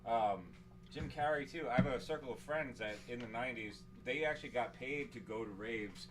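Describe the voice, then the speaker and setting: A man's voice: mid-range voice, a bit bright, recorded from a distance, soft background music. A man talking as a guest in a casual chat, chatty and full of fillers. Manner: quick, chatty, lots of fillers.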